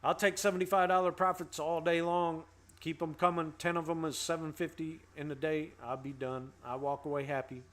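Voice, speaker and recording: A man's voice: fairly high pitch, little pitch movement, brisk, a bit bright. A man hosting a casual trading livestream, upbeat and playful with slangy banter while he greets viewers. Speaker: host.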